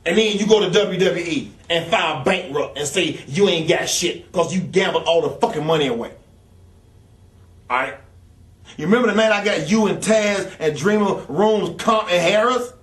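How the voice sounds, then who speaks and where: A man's voice: high-pitched, moderate pace, fairly bright tone. Angry profane man in an echoey room. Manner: angry, blunt and heavily profane. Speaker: interview guest, former wrestler. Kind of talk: profane storytelling rant. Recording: echoey room, speaker far from mic.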